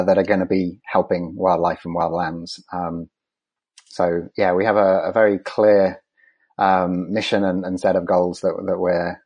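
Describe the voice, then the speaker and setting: A man with a very deep, low voice answers questions as a conservation expert. He speaks haltingly, filling pauses with ums and uhs and restarting his sentences. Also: darkish tone, husky, highs cut off. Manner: hesitant, many ums and restarts. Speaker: conservation scientist guest. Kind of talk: interview answers.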